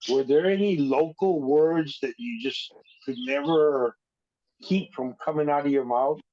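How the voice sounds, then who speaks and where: Relaxed man, muffled lo-fi sound. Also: a little high, measured pace. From Hawaii. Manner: relaxed, conversational questions. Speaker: host. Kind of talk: casual interview. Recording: dull lo-fi sound.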